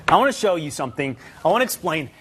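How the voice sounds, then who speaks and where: A man's voice: fairly high pitch, very animated, brisk, a bit bright, slight background noise. A man hosting a studio talk show, explaining his own slip in a self-mocking, joking way. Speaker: news show host.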